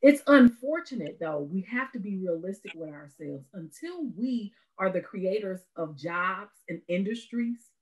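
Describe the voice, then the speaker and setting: A woman's voice: medium pitch, animated, unhurried, hardly any pauses, low-quality recording. A woman speaking as an educator on a panel discussion, earnest and emphatic.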